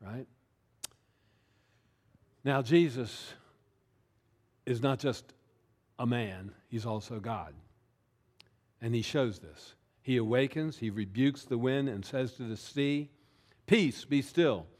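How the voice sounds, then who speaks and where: A man's voice: medium pitch, slow, pauses often, darkish tone. Conversational male pastor preaching a sermon. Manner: conversational, often checks in with "right?".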